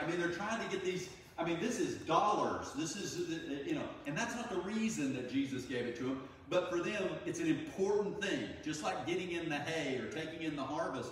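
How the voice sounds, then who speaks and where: A man's voice: a little high, a little fast, a little hiss or hum. A man preaching a sermon as a pastor in a conversational, storytelling way, acting out the voices of people in the stories. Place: church sanctuary. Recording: echoey room from far off, faint ambience.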